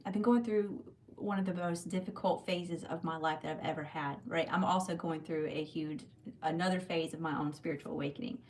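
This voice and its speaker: A woman's voice: fairly low pitch, a little hiss or hum. A woman, talking chattily on a live tarot stream and checking in with "okay?" as she goes. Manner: chatty, warm direct address with many "okay?" and "y'all". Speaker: tarot reader on a livestream. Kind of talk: live tarot reading and personal story.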